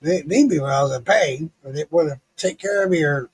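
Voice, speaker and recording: A man's voice: a little high, fairly quick, slightly rough. A middle-aged man streaming live, telling a story in a casual, profane way, laughing often. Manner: profane, laughing, animated retelling.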